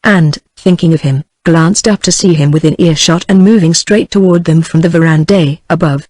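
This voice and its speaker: A text-to-speech woman with a British accent narrating a novel in an even, synthetic manner. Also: low voice, moderate pace, dry recording. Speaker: audiobook narrator. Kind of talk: scripted narration.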